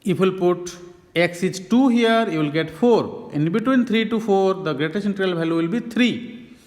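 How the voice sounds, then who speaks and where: A man's voice: high voice, moderate pace, a little mellow, in a large hall. A man teaching a math lesson, working through each step in a methodical, repetitive way.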